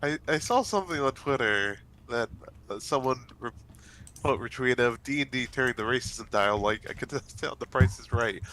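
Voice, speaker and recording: A man's voice: mid-range voice, moderate pace, sharp tone, low-quality recording. A man with a stuffy, congested nose, rambling casually with lots of fillers while gaming with friends. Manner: rambling, many fillers and restarts. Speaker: let's play host.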